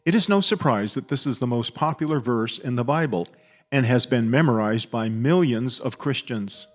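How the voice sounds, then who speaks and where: Male Bible teacher, mid-pitched, deliberate scripted delivery, soft music underneath. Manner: measured, deliberate, stresses key words.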